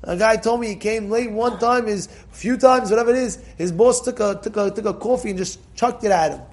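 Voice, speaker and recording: A man with a notably high voice delivers a Torah class to his listeners. He talks emphatically, circles back to repeat his points, and now and then bursts into loud cries for effect. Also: a little fast. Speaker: Torah teacher.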